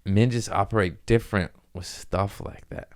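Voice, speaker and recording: A man's voice: fairly low pitch, steady tone, normal speed, a little mellow. A man hosting a comedy podcast, rambling through a casual, profane monologue and laughing at his own jokes.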